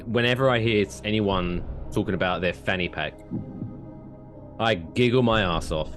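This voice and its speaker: A man from England co-hosting a podcast, talking in casual banter with animated, drawn-out emphasis and frequent self-corrections. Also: lowish voice, music in the background. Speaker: podcast co-host.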